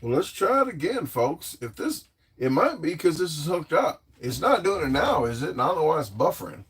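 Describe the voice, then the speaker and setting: A man's voice: a little high, sing-song, a little fast, a bit bright, husky, low-quality recording. A man hosting a casual livestream, rambling and joking as he reads viewer comments aloud and answers them. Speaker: livestream host reading chat.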